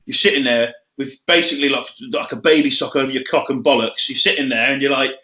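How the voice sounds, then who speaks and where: A man's voice: mid-range voice, fairly even intonation, fast, pushed and bright, reverberant. A man co-hosting a podcast, telling stories in casual chat, laughing and swearing a lot. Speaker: podcast co-host.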